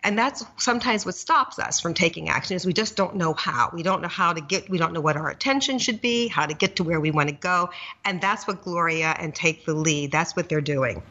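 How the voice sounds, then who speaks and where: A woman's voice: fairly low pitch, animated, fairly quick, sharp tone, muffled recording. A woman hosting a podcast, chatting enthusiastically and telling stories in a casual interview. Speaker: podcast host.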